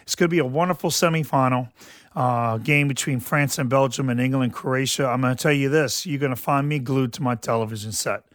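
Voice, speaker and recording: A man hosts a sports talk show, speaking casually and rambling with plenty of fillers and false starts. His voice sits in a middle pitch. The sound is dry and close, with no room around it. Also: brisk, no echo. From southeastern Louisiana. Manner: rambling, folksy, frequent fillers and restarts. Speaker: radio show host.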